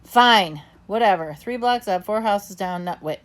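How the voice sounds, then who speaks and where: A woman's voice: medium pitch, unhurried, close to an everyday voice. A woman voicing a bossy, tough young female dog who talks back to her brother in a storybook reading. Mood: grudging. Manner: sassy, scrappy, defiant.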